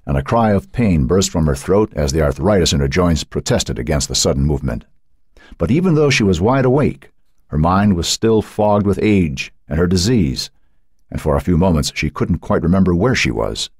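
A man narrating an audiobook with an expressive reading. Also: sits low, breathy edge, no echo, clean studio sound. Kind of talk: scripted narration.

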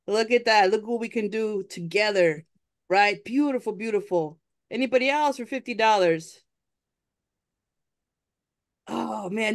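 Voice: medium pitch, moderate pace, fairly bright tone. An event host running a live fundraising appeal at a town hall, upbeat, coaxing and chatty.

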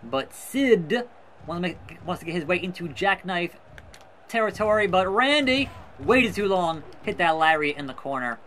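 A man's voice: high voice, animated, normal speed, a bit bright, slight background noise. A man giving casual gameplay commentary, calling a wrestling match in a mock play-by-play style with sarcastic asides. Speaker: gaming YouTuber. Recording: faint music behind.

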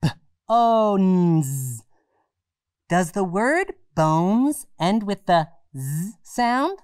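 A woman's voice: mid-range voice, big pitch swings, takes it slowly, darkish tone, no echo, studio quality. A woman voicing a cheerful, playful dog in a children's educational show, bubbly and giggly. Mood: excited.

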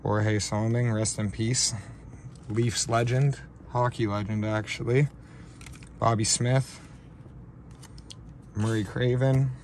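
A man with a lowish voice unboxes trading cards on camera and speaks in an unhurried, low-key drawl, sounding shaky with excitement. His commentary is recorded on a camera mic at a table, with a faint hiss of room noise behind it. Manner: slow, low-key talk between excited outbursts. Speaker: card-breaking channel host. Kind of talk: casual card-opening vlog.

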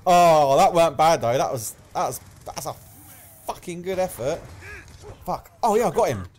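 A young man commentating live gameplay, swearing often and yelling at kills and deaths, with a slight cough. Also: fairly high pitch, moderate pace, breathy edge. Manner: excitable, swears a lot, shouts at game events. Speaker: gaming commentator.

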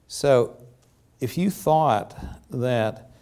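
An older man giving an academic lecture with slides, halting often and filling pauses with many ums and restarts. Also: mid-range voice, expressive, darkish tone, smooth. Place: lecture theatre.

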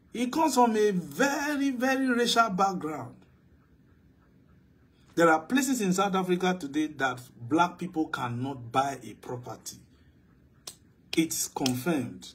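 Emphatic preaching man, fairly high voice. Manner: emphatic preaching, swinging between loud declarations and low asides. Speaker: pastor. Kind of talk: sermon.

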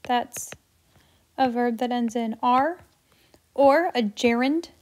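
A woman teaching a grammar lesson in an upbeat, playful way, dropping to soft asides while she writes. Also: a little high, takes it slowly. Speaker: Spanish teacher.

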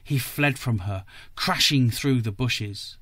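Slow, careful male story reader. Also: mid-range voice, fairly bright tone, no room sound. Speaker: podcast co-host reading aloud. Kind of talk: audiobook-style story reading.

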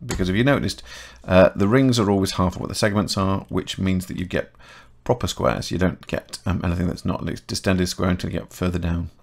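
A middle-aged man with a chatty, self-correcting manner, talking through a software modelling tutorial step by step. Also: low voice, fairly even intonation, a little fast, gravelly, few pauses. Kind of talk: casual screen-recorded software tutorial.

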